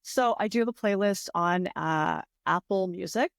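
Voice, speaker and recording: A young woman co-hosts a relaxed podcast, rambling cheerfully and breaking into laughter. Her voice sits mid-range. The recording is dry, with little room sound. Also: mid-range voice, normal speed, no echo. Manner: animated, laughs a lot, rambling. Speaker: podcast co-host and author. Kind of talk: casual chat.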